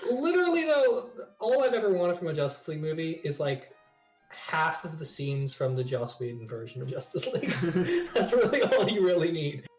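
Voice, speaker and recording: A man co-hosting a podcast, talking fast and excitedly with plenty of swearing and laughter. His voice sits a little high and carries a roomy echo, with faint music underneath. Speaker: podcast co-host. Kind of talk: casual chat. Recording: echoey room recording.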